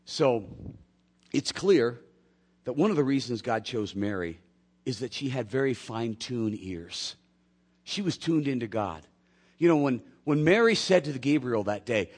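A man preaching a sermon as a pastor, telling a personal story in an animated way and acting out the voices of the people in it. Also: medium pitch, a little slow, slightly rough.

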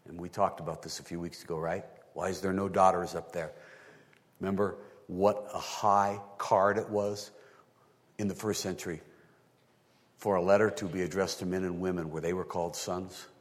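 A male pastor delivering a sermon, talking through scripture and often rising into high, emphatic bursts. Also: in a large hall.

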